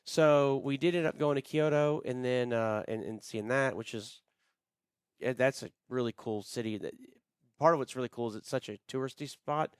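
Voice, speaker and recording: A man's voice: mid-range voice, normal speed, clear, resonant tone, no echo, clean studio sound. A middle-aged man co-hosting a podcast, telling travel stories in a casual, rambling way with lots of fillers. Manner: rambling, frequent fillers, friendly storytelling. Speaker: podcast co-host. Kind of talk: casual chat.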